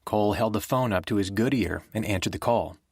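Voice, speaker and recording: A man narrating a thriller audiobook in a steady, measured way. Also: on the low side, breathy edge, no room sound, studio quality. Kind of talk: scripted narration.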